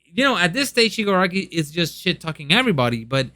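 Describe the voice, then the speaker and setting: A man's voice: sits high, big pitch swings, quick pace, pushed and bright, dry recording. A young man chatting casually and eagerly in a review, with lots of ums and restarts. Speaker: manga reviewer.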